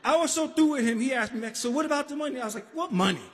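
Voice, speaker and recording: A man from the Bronx telling a story on a live stage, animated, acting out voices and shouting at times. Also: very high voice, rapid-fire. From the Bronx, New York. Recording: live stage recording in a reverberant hall.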